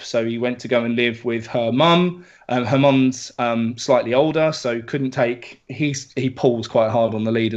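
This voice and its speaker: A young man talks casually on a podcast, animated and sweary, getting openly emotional. His voice sits mid-range in pitch. The recording sounds dull and a little lo-fi. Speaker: podcast co-host. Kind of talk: casual chat.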